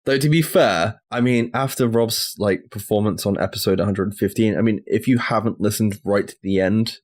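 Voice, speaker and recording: A man hosting a gaming podcast in a relaxed, joking way, swearing casually. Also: fairly low pitch, moderate pace. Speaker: podcast host.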